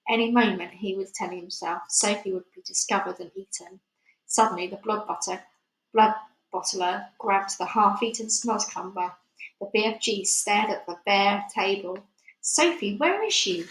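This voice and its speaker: A woman reads a storybook aloud at a medium pitch, steady and expressive, with a few small slips. The reading carries a clear room echo. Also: normal speed. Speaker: reader. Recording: echoey room.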